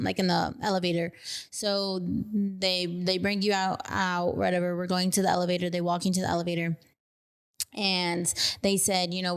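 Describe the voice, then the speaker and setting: A young woman with a Texan accent talks through a painful memory on a podcast, her speech full of fillers and restarts. Her voice sits fairly low and stays flat in pitch. Her tone is smooth and clear. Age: young adult. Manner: emotional retelling, many fillers. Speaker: podcast guest. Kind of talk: casual storytelling.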